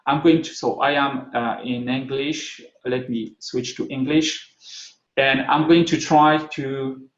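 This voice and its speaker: Conference speaker, male, strong French accent, halting delivery full of ums and restarts, echoey and dull lo-fi sound. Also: mid-range voice, little pitch movement, fairly bright tone. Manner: hesitant, many fillers and restarts. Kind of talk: technical talk.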